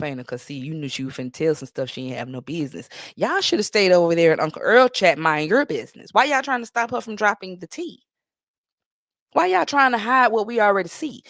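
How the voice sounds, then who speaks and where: Woman gossip streamer, sassy and mocking, lots of slang, swoops up and down, low-ish voice, dry sound. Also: no echo. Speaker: livestream commentator. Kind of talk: gossip commentary on a live stream.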